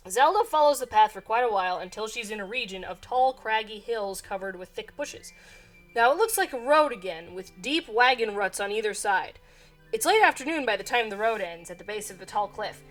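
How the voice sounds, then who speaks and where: A woman's voice: on the high side, fairly bright tone. A woman running a gamebook adventure as game master, reading aloud casually and laughing between lines.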